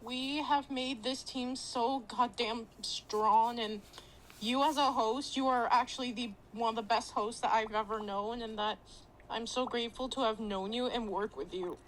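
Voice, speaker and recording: A woman's voice: on the high side, steady tone, unhurried, fairly bright tone, slight background noise, low-quality recording. A woman guest fighting back tears as she gives heartfelt thanks, gushing and swearing now and then. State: close to tears. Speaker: moderator guest. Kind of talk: emotional podcast chat.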